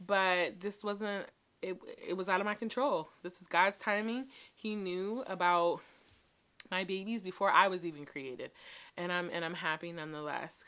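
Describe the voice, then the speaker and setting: A woman's voice: lowish voice, a bit bright, smooth. A woman in her thirties chatting casually to camera as a beauty vlogger, emotional and full of ums and likes.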